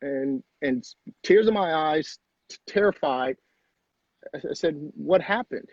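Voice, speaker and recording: Husky middle-aged man, earnest storyteller. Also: on the high side, expressive, a little slow, darkish tone, no room sound, dull audio. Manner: earnest, repeats phrases for emphasis. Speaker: guest. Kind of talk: personal storytelling in conversation.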